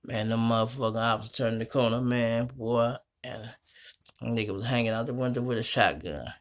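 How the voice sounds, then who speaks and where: A middle-aged man hosting his own show from a small home studio, telling stories in a slangy, profane, animated way. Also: medium pitch, normal speed. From Chicago. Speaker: host. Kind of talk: casual storytelling monologue.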